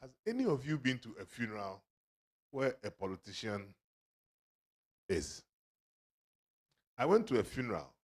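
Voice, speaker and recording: A man's voice: mid-range voice, big pitch swings, moderate pace, long pauses, husky. A man works the room as an auctioneer at a book launch, joking and teasing people who come forward to buy. His talk is full of playful asides and bursts of laughter. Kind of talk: lively fundraising banter. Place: event hall.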